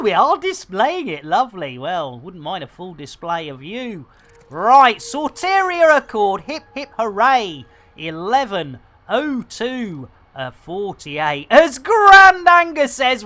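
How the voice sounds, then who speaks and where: A man's voice: high-pitched, sharp tone. A man giving playful, theatrical commentary on a live game stream. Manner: jokey, theatrical, lots of pet phrases.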